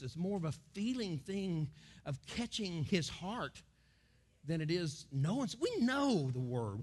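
Man, pastor, sermon, American, middle-aged, high voice, very lively pitch, bursts into loud quotes. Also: husky. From United States. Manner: animated, acts out crowds and quotes with sudden loud high bursts.

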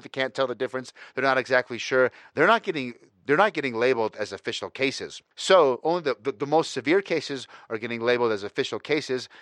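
A man's voice: medium pitch, fairly bright tone, no echo. A man ranting casually as a podcast host, rambling and profane, with self-mocking humor. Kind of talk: casual opinion rant.

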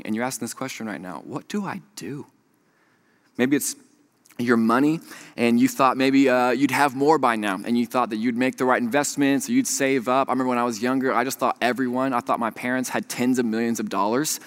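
A young man preaching a sermon, telling a story with animated swings from hushed to loud. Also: medium pitch, brisk. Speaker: pastor.

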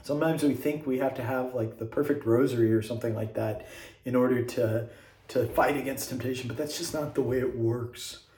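A man's voice: mid-range voice, steady tone, brisk, dark tone, slight background noise. A man who is a priest, giving an earnest homily that speaks straight to the listener. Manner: earnest, direct, urging the listener. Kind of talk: homily addressed to viewers. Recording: echoey room.

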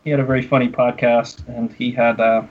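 A man's voice: medium pitch, little pitch movement, brisk, phone-quality sound. A man co-hosting a casual podcast, reading a mock-serious comic poem aloud and breaking into laughter between lines. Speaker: podcast co-host.

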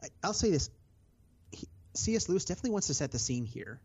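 A man's voice: on the high side, big pitch swings, quick pace, darkish tone, slightly rough. A man co-hosting a casual book discussion podcast, thinking aloud with many hesitations and fillers. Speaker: podcast co-host. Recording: slightly dull lo-fi audio.

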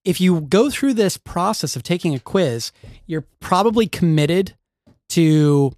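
A man's voice: sits high, animated, unhurried, darkish tone, dry recording, clean studio sound. A male podcast co-host in casual chat, easygoing and thoughtful, reasoning things out aloud.

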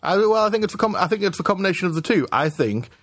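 A man co-hosting a casual political podcast, talking in halting restarts and swearing as he builds his argument. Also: high-pitched, expressive, fairly bright tone, dry recording, clean studio sound. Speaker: podcast co-host.

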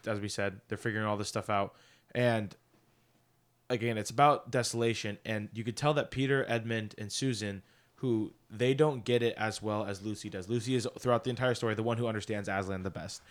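A man's voice: fairly low pitch, a little fast. A man casually discussing a novel with a co-host, talking loosely with many fillers. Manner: chatty, many "like" fillers, paraphrasing scenes.

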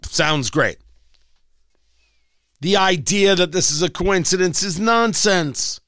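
A man's voice: sits high, slow, sharp tone, a little hiss or hum. A male talk radio host delivering a combative, sarcastic political rant.

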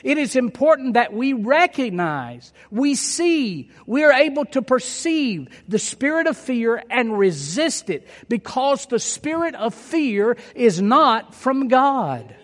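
High-voiced man preaching in a reverberant hall. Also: sing-song, takes it slowly, hardly any pauses. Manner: emphatic, repeating key phrases for effect. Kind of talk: sermon.

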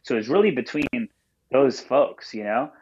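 A man's voice: medium pitch, animated, moderate pace, darkish tone. A man calling in as a podcast guest and telling a story casually, rambling with lots of fillers and swearing. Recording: dull call-in audio.

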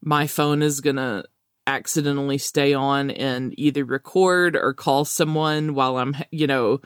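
A man co-hosting a podcast in casual chat, laughing often and talking in an animated way. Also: medium pitch, measured pace, clean tone, no echo, studio quality. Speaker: podcast co-host.

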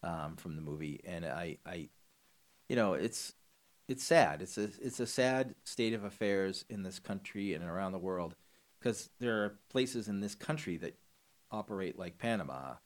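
A man co-hosting a casual movie chat, talking in halting bursts with many restarts and a wry edge. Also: low voice, lively intonation. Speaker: podcast co-host.

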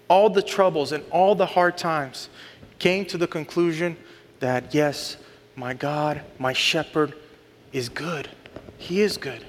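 A man's voice: a little high, a bit bright. A man in his thirties or forties preaching a sermon, earnest and building to emphatic lists. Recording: long hall reverb.

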